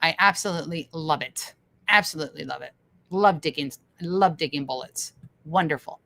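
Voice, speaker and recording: A woman's voice: low voice, normal speed, creaky, sharp tone. A woman hosting a casual livestream, reading viewer comments aloud with enthusiasm and frequent laughter. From Canada. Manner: enthusiastic, laughs often, repeats phrases. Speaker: livestream host.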